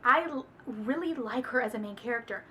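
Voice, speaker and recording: A young woman chatting casually in a book review, gushing and animated with dramatic exclamations. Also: fairly high pitch, brisk, a little hiss or hum.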